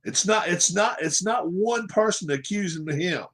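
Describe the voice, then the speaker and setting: His voice sits high and sounds fairly bright, expressive and a little slow, as he hosts a sports livestream. The opinionated rant is emphatic, looping back over points and peppered with rhetorical questions.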